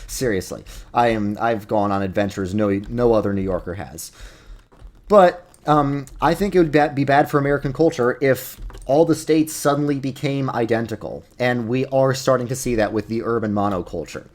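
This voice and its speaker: A young man with a New York accent hosts a casual YouTube video, offering rambling, self-deprecating commentary over gameplay. His voice sits in the mid range and moves at a moderate pace.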